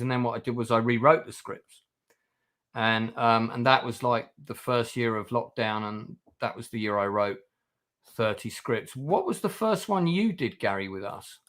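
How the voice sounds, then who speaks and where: A man's voice: mid-range voice, a bit bright. A man hosting a livestream, chatting casually with guests, with lots of fillers and restarts. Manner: rambling, many fillers and restarts. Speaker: channel host.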